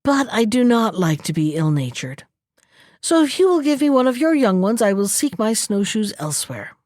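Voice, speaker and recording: Lady doing a sly fox guy, smooth and coaxing, storybook, dry sound. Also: mid-range voice, sing-song, normal speed, a little mellow, dry recording, lightly acted. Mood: wheedling. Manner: smooth, wheedling, mock-regretful. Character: sly scheming male fox.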